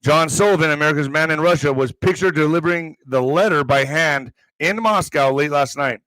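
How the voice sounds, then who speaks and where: This is a man's somewhat high, slightly bright voice, moving a little fast as he reads headlines for an online commentary show. Between items he drops in sarcastic asides laced with profanity. It's a dry, low-quality recording.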